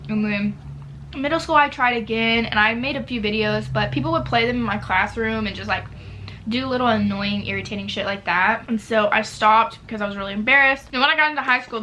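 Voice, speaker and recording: A woman's voice: a little high, bright, forceful tone, a little hiss or hum. A nineteen-year-old woman chatting casually through a Q&A while eating at home, with lots of filler words. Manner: chatty, filler-heavy, talks with mouth full. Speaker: YouTuber. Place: home near a street.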